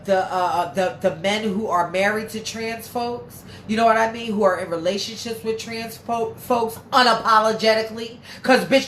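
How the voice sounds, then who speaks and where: A woman's voice: mid-range voice, fairly bright tone. A woman hosting a casual livestream, reading viewer comments and talking bluntly and profanely with heated emphasis. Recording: echoey room with faint background noise.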